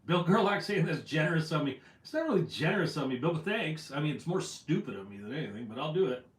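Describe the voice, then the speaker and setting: A man's voice: fairly high pitch, big pitch swings, quick pace. A man hosting a casual fishing livestream, reading out viewer comments in a rambling, self-deprecating way. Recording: echoey room, voice from afar.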